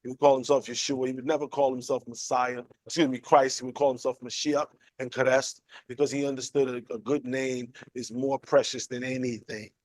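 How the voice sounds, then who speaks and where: A man runs a conversational Bible class, posing questions and drawing call and response like a sermon. He speaks briskly with hardly any pauses, playful and animated, acting out quotes with leaps in pitch. There's no room sound.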